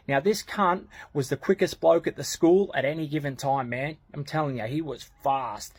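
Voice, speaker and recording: Husky Australian man spinning a yarn. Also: fairly high pitch, normal speed, hardly any pauses. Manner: swearing, slang-heavy, blunt. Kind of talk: casual storytelling.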